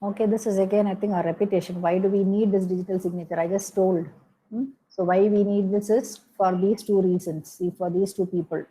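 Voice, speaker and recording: A woman's voice: medium pitch, fairly even intonation, fairly quick, mellow, breathy edge, rough recording. A woman giving a recorded lecture, explaining step by step with frequent "okay" and "hmm" fillers and self-corrections.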